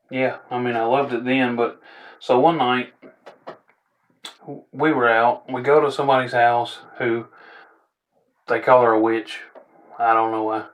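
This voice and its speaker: A young man, telling funny stories in a rambling, laid-back way with chuckling asides. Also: medium pitch. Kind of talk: casual storytelling.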